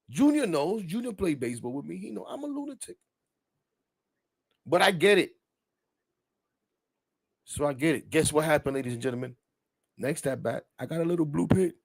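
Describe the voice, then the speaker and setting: Male sports podcast host, middle-aged, animated and rambling, swears, gets heated. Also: on the high side, moderate pace, creaky, pauses often. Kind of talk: casual sports talk podcast.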